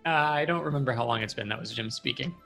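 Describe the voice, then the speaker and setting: A man running a tabletop game as game master, narrating in a relaxed, hesitant way with frequent ums. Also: medium pitch, fast, vocal fry, soft background music.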